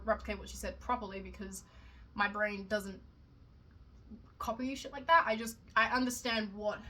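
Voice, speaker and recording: A woman's voice: mid-range voice, sharp tone, slight background noise. A young woman vlogging in a casual, rambling way, swearing often and poking fun at herself. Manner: chatty, swears a lot, self-mocking asides.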